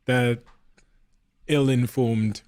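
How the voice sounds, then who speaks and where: A man's voice: medium pitch, fairly even intonation, extremely slow, darkish tone, smooth, no echo. A man hosting a podcast, asking searching, probing questions. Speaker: podcast host. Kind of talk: interview questions.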